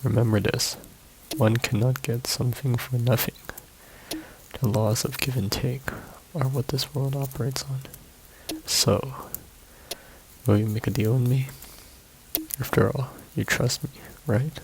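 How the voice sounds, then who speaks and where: A man voicing a mysterious dealmaker who speaks in a hushed, coaxing way. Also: mid-range voice, fairly even intonation, unhurried, gravelly, long pauses, slight background noise, poor audio.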